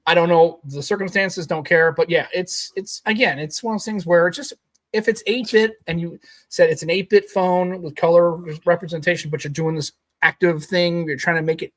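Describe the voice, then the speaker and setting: A man's voice: fairly high pitch, steady tone, fairly quick, fairly bright tone. A man co-hosting a casual tech podcast, rambling and emphatic, swearing now and then. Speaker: podcast co-host.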